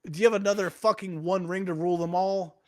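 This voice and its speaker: A man's voice: high-pitched, fairly even intonation, quick pace, pitched above the performer's own voice, close to an everyday voice. A man voicing an exasperated old male wizard in a comedy bit, scolding and cursing.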